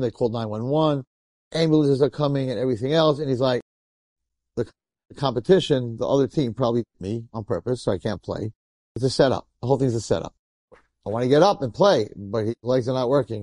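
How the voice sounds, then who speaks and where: A man, a rabbi, telling a story in a sermon in an animated, colloquial way and acting out the characters. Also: medium pitch, dry recording.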